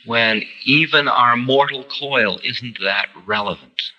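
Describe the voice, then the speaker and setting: Man, spiritual teacher, very sharp bright tone, animated storytelling, old recording with long hall reverb. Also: medium pitch, slow pace, muffled recording. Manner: animated storyteller, acting out quoted voices. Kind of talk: spiritual lecture. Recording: reverberant lecture hall, archival tape.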